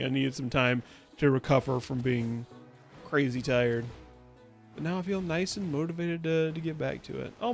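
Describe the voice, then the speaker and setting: A man's voice: on the high side, fairly bright tone. A man giving casual gameplay commentary on his stream, rambling and playful, often restarting his sentences. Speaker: VTuber streamer.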